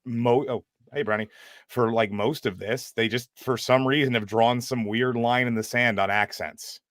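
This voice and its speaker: A man's voice: mid-range voice, steady tone, moderate pace, fairly bright tone, dry recording, studio quality. A man, a panel guest in a casual chat, talking in a rambling, questioning way.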